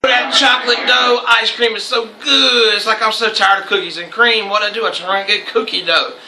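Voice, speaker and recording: A man's voice: high voice, fairly even intonation, normal speed, background noise. A young man hosting a casual chat show, loose and profane and laughing often. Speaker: host. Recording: echoey room.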